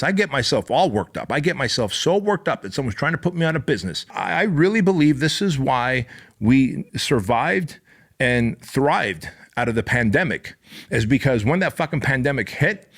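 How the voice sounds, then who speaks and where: A middle-aged man hosting a podcast, giving an intense, profane motivational monologue that climbs into fervent, near-shouted passages. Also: mid-range voice, very animated, moderate pace. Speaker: podcast host.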